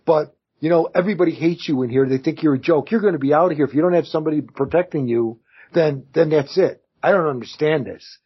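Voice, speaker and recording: A man with a somewhat high, husky voice co-hosts a podcast, recapping television in an animated, casual way. He acts out other people's lines and swears freely. The audio is muffled and lo-fi. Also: fast. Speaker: podcast co-host. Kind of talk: casual chat recapping a TV show.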